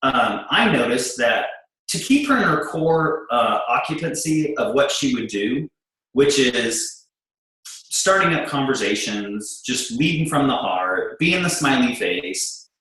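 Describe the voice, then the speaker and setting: With a mid-range voice and a slow delivery, a middle-aged man bluntly tells an audience what it's like to be in business with his wife. He animatedly acts out their quoted exchanges. The recording is low quality and drenched in reverb.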